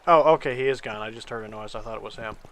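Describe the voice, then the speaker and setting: Bright-voiced laid-back gamer man. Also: on the low side, rapid-fire, slight background noise. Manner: laid-back, chuckling commentary. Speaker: game recording host. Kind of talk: casual gaming chat.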